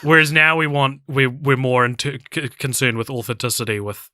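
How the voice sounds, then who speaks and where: Give me a man co-hosting a film podcast with a bright, forward voice. He chats casually and answers with dry agreement. His lines often fade off softly, and the sound is dry and close. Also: medium pitch, normal speed, no echo. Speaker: podcast co-host.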